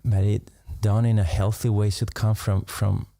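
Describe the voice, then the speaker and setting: Low gravelly man, musing meditation talk. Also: flat delivery, no room sound, studio quality. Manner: unhurried, musing, laughs softly between thoughts. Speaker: meditation teacher. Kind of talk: reflective live-stream talk.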